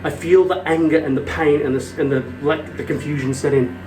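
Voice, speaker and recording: Rambling, profane male vlogger at middle pitch, echoey small room, mic at a distance. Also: fairly even intonation, fairly quick, noisy background. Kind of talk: casual chat.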